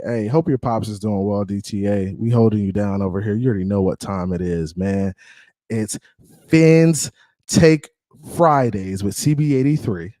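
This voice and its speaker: A man's voice: medium pitch, dark tone, no room sound, studio quality. A man hosting a casual sports livestream, greeting viewers and trash-talking rival fans. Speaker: livestream sports show host. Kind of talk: casual live-stream banter.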